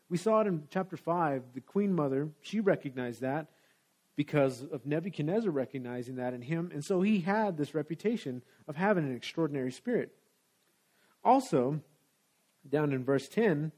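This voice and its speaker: In a church sanctuary, a pastor delivers his sermon in a relaxed, conversational manner. His voice is mellow and on the high side.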